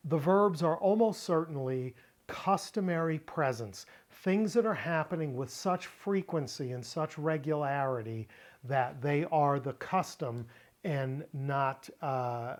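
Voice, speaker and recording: Middle-aged guy teaching bible greek, slow and careful, kinda high voice, repeats stuff for emphasis. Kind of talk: Bible word-study lesson.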